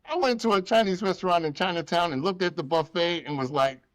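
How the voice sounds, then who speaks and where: A high-pitched man speaks quickly with no room sound. As host of a casual podcast, he tells animated, feeling-filled stories, voices the people in them, and swears often.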